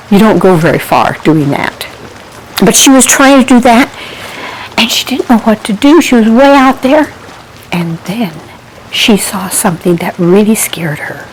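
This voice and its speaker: A woman tells a Bible-themed children's story in an animated way, drawing her listeners in with questions and dropping to a hush for the tense parts. Her voice sits a little high, and soft music plays faintly behind her. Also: rough recording. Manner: animated, asks listeners questions, hushes for suspense.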